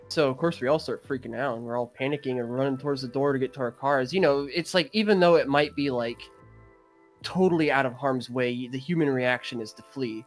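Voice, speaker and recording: A young man on a podcast, casually retelling a dream in a rambling, animated way, full of fillers and throat-clearing. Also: mid-range voice, a little fast, soft background music. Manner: animated, gets excited retelling. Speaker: podcast co-host. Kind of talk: casual storytelling.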